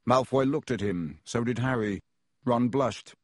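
A man narrating an audiobook with steady storytelling. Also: mid-range voice, unhurried, dry recording, studio quality. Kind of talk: scripted narration.

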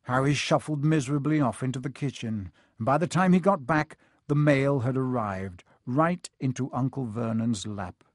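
Guy reading a story out loud, expressive, middle pitch, dry close sound. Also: normal speed, hardly any pauses, no room sound. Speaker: audiobook narrator. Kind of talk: scripted storybook narration.

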